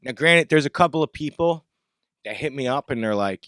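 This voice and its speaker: A man hosting his own podcast in a heated, profane rant. His voice sits at an ordinary middle pitch and sounds dry and close. He lurches between loud blowups and low grumbling asides. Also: expressive, normal speed, dry recording. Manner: swings between loud outbursts and low muttering. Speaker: podcast host. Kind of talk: off-the-cuff ranting monologue.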